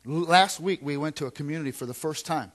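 A man, a pastor, preaching a sermon in a conversational way, repeating phrases and swinging from quiet asides to loud emphatic lines. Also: fairly high pitch, quick pace.

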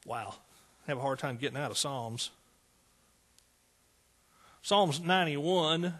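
A man's voice: fairly high pitch, animated, measured pace, fairly bright tone, breathy edge. Fervent preacher man. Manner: fervent, calls out to the congregation. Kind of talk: sermon.

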